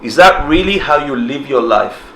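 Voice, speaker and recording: A man leads a casual class in a roomy hall, his voice bright and forward. He laughs easily and acts out people's reactions in funny little voices. A faint hum of ambience sits under him. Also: mid-range voice, moderate pace. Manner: animated, laughs often, acts out quoted reactions. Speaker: dharma teacher. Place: indoor class room.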